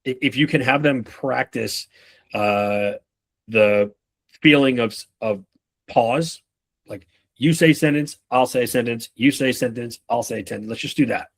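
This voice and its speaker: Profane, casual male sales trainer. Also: mid-range voice. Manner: loose and profane, acts out customers and reps in quick bits.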